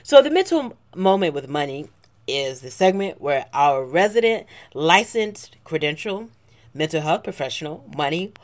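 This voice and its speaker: A woman co-hosts a podcast in relaxed chat. Her voice sits a little low, but her intonation moves a lot. She teases her co-host with wry, dry humor. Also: normal speed. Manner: teasing, wry. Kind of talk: casual chat.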